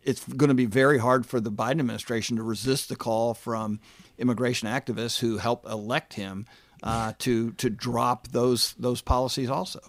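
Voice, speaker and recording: A man giving political analysis in a measured, halting way. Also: medium pitch, steady tone, no room sound. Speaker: political commentator.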